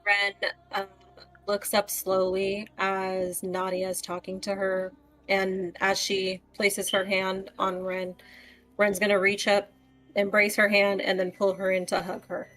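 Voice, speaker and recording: A woman's voice: mid-range voice, completely flat delivery, measured pace, a bit bright, soft background music. A woman playing her character in a tabletop game, emotional and urgent, often stammering. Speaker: player.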